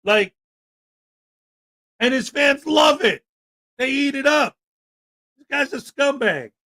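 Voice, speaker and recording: A man's voice: extremely high pitch, lively intonation, a little slow, bright, forceful tone, raised voice. A man hosting a livestream, talking in an indignant, emphatic rant and reading out chat. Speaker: livestream host. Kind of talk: livestream commentary.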